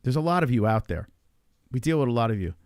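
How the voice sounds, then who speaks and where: A man's voice: mid-range voice, big pitch swings, fast talker, dry recording, studio quality. Profane ranting man. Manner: profane, rambling, exasperated. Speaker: streamer. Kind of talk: ranting casual monologue.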